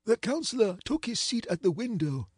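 A man narrating an old ghost story in a measured, dramatic reading. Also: high voice, very animated, a little mellow, breathy edge, no echo, studio quality.

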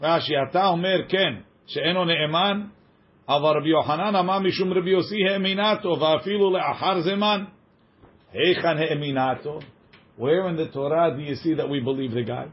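A man teaching a text study class, reading passages quickly and translating them line by line, joking with his students. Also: a little high. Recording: dull lo-fi recording.

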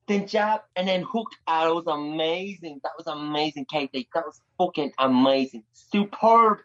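A man's voice: high voice, fairly bright tone, highs cut off. A man with an Irish accent playing a cocky, boastful male fighter who rambles and swears.

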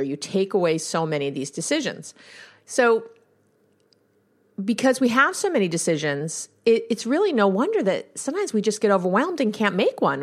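Chatty woman podcast host. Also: mid-range voice. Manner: chatty storytelling, conversational asides. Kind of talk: casual podcast monologue.

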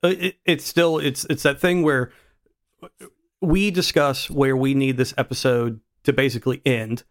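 A man's voice: medium pitch, steady tone, a little slow. Rambling man co-hosting a podcast. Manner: rambling, self-deprecating, many restarts. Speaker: podcast co-host. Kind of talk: casual chat.

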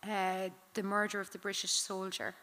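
A woman's voice: medium pitch, completely flat delivery, moderate pace, pushed and bright. A woman, a forensic psychologist, telling a story in earnest as a guest on a live podcast stage. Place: theatre stage before a live audience. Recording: long hall reverb.

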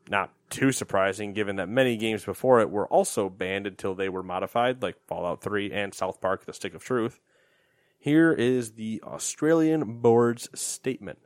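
A man's voice: mid-range voice, no echo, clean studio sound. A man co-hosting a casual gaming news podcast, joking and swearing while he reads out news items. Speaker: podcast co-host.

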